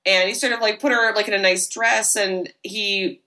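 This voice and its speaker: A woman's voice: medium pitch, moderate pace, rough recording. A woman co-hosting a podcast, casually retelling a horror film's plot and briefly acting out the characters' lines. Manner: animated, acts out characters' lines, swears casually. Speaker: podcast co-host recapping a horror film. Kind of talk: casual chat, storytelling recap.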